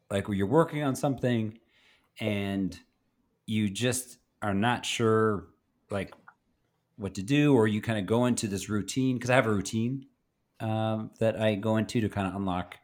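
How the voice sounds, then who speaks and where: Teasing, easygoing male podcast co-host. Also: fairly low pitch. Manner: relaxed, rambling with fillers and teasing. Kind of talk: casual chat.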